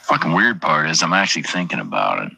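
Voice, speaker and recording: A man's voice: very deep voice, sing-song, fast, creaky, pushed and bright, husky, no echo, poor audio. A truck driver chatting casually on a stream, rambling, swearing constantly and joking as he goes. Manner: profane, rambling, jokey. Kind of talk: casual livestream chat.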